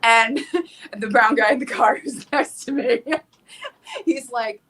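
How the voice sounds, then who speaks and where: A woman's voice: a little high, takes it slowly, husky. A young woman from South Florida, a guest singer-songwriter, chatting casually with lots of likes and restarts. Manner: animated storyteller, many likes and restarts. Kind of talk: casual chat.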